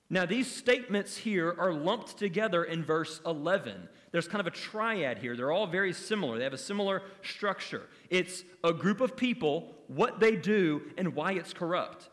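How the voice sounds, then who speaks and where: A man's voice: a little high, fairly bright tone, long reverb tail. A man preaching an expository sermon in an earnest, emphatic teaching manner, asking his listeners rhetorical questions. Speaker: pastor.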